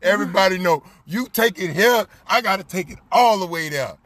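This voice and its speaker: Man, high voice, animated, profane, laughs a lot, repeats himself, casual storytelling. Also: brisk.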